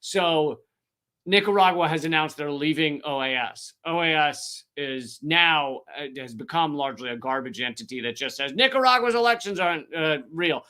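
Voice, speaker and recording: A man's voice: fairly high pitch, lively intonation, moderate pace, sharp tone, clean tone. A man hosting a casual comedic livestream chat, sarcastic and swearing freely. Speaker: comedian and show host.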